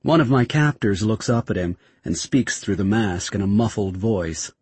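A man narrating a first-person story in a tense, steady way. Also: fairly low pitch, normal speed, breathy edge, dry recording. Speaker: audiobook narrator.

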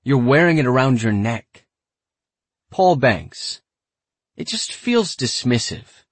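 A man narrates an oral history audiobook with a husky, slightly rough voice that swings up and down with plenty of expression. He speaks each quote in a loose, conversational way, as if telling the story himself. The sound is dry and close, with no room around it. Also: medium pitch, sing-song, unhurried, no echo. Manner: conversational, reads each quote like casual speech.

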